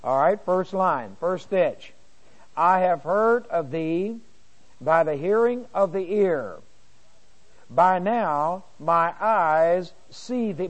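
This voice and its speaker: A middle-aged man leads a Bible lesson in a voice pitched a little high. He reads the verses slowly and with care. He clears his throat often between points. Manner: slow, deliberate reading of verses, frequent throat-clearing. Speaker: Bible teacher.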